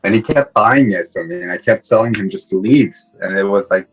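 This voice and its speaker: A man's voice: on the low side, normal speed, few pauses, slightly rough, lo-fi sound. Man from Iran telling stories casually. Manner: relaxed storyteller, laughs often. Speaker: podcast guest. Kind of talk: casual interview chat.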